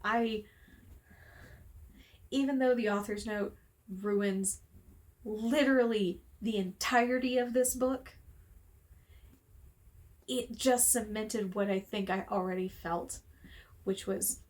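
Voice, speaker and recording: A woman's voice: mid-range voice, fairly even intonation, slow pace, long pauses, darkish tone. A woman talking casually to camera in a room at home, heated and exasperated, swearing freely as she rants. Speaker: book reviewer. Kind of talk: casual vlog rant. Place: room at home with window open.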